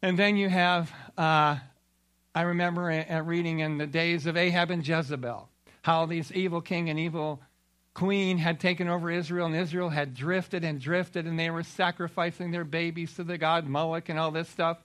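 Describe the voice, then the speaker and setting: A man preaching a sermon, retelling Bible stories in an animated way. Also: on the high side, normal speed, smooth. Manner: animated storytelling with acted-out quotes.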